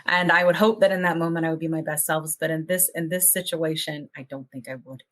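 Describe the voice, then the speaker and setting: Low-voiced earnest woman podcast host. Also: fairly even intonation, fast talker, fairly bright tone. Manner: earnest, hopeful, talks in run-on thoughts. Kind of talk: casual podcast chat.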